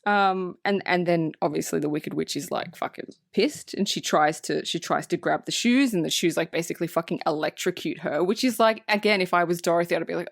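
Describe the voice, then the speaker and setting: A woman's voice: lowish voice, fairly quick, dry recording, clean studio sound. A woman co-hosting a podcast, chatting casually and animatedly about a film, swearing freely and laughing often. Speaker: podcast co-host. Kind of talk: casual movie-review chat.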